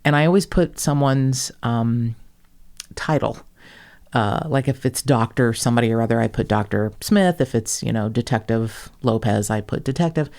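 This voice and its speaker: A woman's voice: rumbling low, normal speed, a little mellow. A woman hosting a casual podcast, telling stories in a profane, self-mocking way and acting out the people she quotes. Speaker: podcast host.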